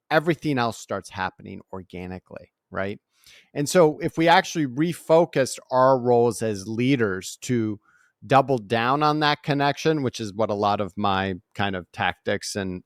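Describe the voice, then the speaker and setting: A man's voice: mid-range voice, dry recording, clean studio sound. A man in his forties answering interview questions, telling stories with energy and often asking "right?". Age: 40s. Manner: energetic, animated storytelling with frequent "right?" tags. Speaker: guest author and speaker.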